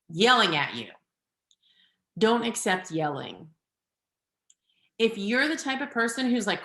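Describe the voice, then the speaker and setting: A middle-aged woman parenting coach giving an earnest advice talk in a webinar, at times quick and at times slow and deliberate. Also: medium pitch, sharp tone. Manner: earnest, advising, shifting between quick and slow deliberate delivery. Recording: echoey room.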